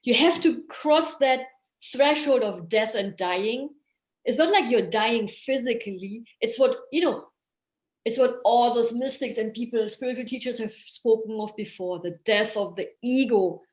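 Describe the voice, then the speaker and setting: A higher-voiced woman, a therapist talking in an earnest, animated way that sometimes sinks to a murmur. Her voice rings around an echoey room. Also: unhurried. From Germany. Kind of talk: casual podcast conversation.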